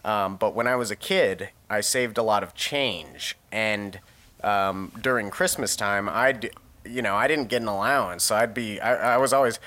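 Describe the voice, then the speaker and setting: Bright-voiced man, rambling podcast chat. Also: fairly low pitch, normal speed. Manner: jokey, rambling, laughs often. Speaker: podcast co-host. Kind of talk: casual chat.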